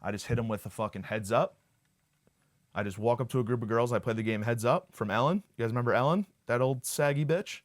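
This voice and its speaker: A man's voice: medium pitch, fast. A young man hosting a podcast, delivering a crude, sarcastic comic monologue full of fillers and tangents. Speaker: podcast host. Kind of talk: comedic monologue.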